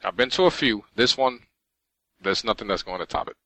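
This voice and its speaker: A man's voice: lowish voice, animated, brisk, pushed and bright, dry recording, rough recording. A man co-hosting a podcast, talking in a casual, rambling way with many restarts. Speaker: podcast co-host. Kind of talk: casual chat.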